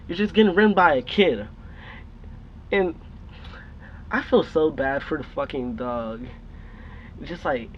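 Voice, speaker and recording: A young man casually telling a rambling, profane story on his vlog. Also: a little high. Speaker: storytime vlogger. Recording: dull lo-fi recording with faint noise.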